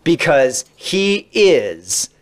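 A man's voice: a little high, big pitch swings, very slow. A man on a podcast, chatting casually as a guest and telling long stories about interviews he has done, with lots of asides. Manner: chatty, rambling, many asides. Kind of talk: casual anecdotal storytelling.

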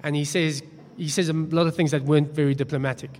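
Pastor preaching in a hall. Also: male voice, a little high, flat delivery, fast, darkish tone. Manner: storytelling, conversational, self-deprecating. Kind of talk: sermon. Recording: long hall reverb.

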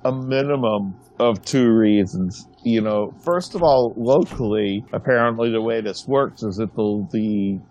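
A man with a somewhat low voice co-hosts a casual podcast. He lays out his argument point by point, often stumbling and restarting his sentences. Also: darkish tone. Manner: explanatory, halting restarts.

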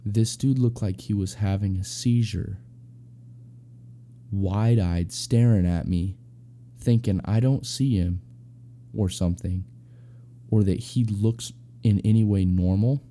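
A young man rambles through a personal story in slangy, filler-heavy talk. His voice is very dark and mellow, sitting low with a gravelly edge. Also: fairly even intonation, takes it slowly, long pauses, a little hiss or hum. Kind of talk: casual spoken anecdote.

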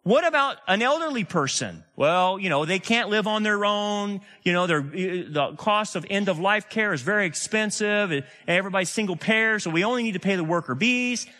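A middle-aged male pastor preaching a sermon, animated and sarcastic, with casual slang and big swings between loud and hushed delivery. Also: high voice, moderate pace, hardly any pauses.

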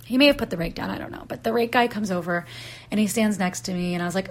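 A woman's voice: mid-range voice, quick pace. A woman in her thirties, a podcast host telling a personal story and acting out the voices in the dialogue she quotes. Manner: animated, acts out voices in quotes.

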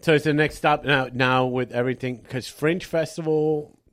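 A man's voice: on the high side, steady tone, moderate pace, a bit bright, no room sound. A man co-hosting a podcast, joking coarsely in casual banter. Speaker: podcast co-host.

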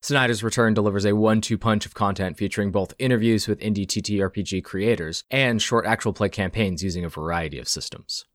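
A man hosting a tabletop role-playing podcast, reading announcements briskly and narrating scenes as game master. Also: on the low side, no room sound. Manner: quick, upbeat host reads, slower scene narration.

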